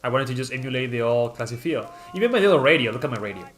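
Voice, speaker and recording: A man's voice: medium pitch, animated, rapid-fire, faint music behind. A man chatting casually on a live stream, reading viewer comments aloud and rambling with many fillers and restarts. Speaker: streamer presenting his channel mascot.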